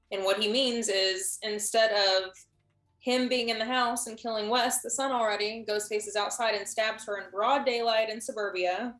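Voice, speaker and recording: A woman's voice: a little high, steady tone, normal speed, fairly bright tone, reverberant. A woman talking casually as a guest on a live stream, thinking aloud and often restarting her sentences.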